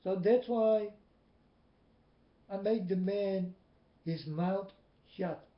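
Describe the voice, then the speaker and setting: A man preaching a personal testimony in non-native English, emphatic, swinging between loud and soft. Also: high voice, very slow. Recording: echoey, dull lo-fi recording.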